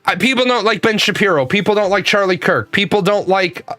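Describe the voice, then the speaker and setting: Man, high bright voice, dry close sound, profane heated ranter reacting to clips. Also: a little fast, no room sound. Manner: profane, ranting, emphatic. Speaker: reaction commentator.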